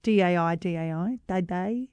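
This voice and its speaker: A woman's voice: fairly low pitch, moderate pace, darkish tone, clean tone, no echo. A woman co-hosting a breakfast radio show, chatty and upbeat as she brings up news items. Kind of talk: casual radio banter. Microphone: studio microphone.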